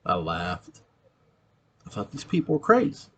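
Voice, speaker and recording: A man voicing a profane young ex-convict with a New York accent spins his story. His voice sits low and husky, rough and street-worn. He talks like a man who has seen trouble. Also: huge pitch swings, a little slow, bright, forceful tone. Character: ex-convict man recounting a ghostly encounter. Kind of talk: acted monologue, recounting a tale.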